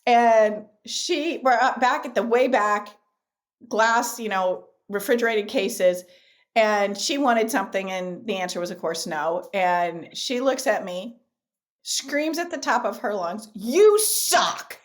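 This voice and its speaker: A middle-aged woman guest in a podcast interview, speaking emphatically and repeating key phrases, telling lively stories. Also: medium pitch, measured pace. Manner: animated storyteller.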